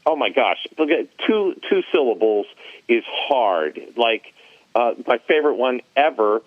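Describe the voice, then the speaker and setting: A man in casual podcast chat, an animated storyteller recalling his years as an arena announcer. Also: mid-range voice, a little slow, dry recording. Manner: animated storyteller, laughs at his own tales. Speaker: former arena announcer, guest. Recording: tinny phone line, dry.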